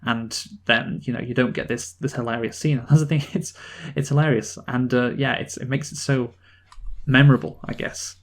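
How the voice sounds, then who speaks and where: A man's voice: medium pitch, fairly even intonation. Man, casual film review co-host, rambling delivery with frequent restarts. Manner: rambling, many restarts, quick laughs. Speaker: podcast co-host.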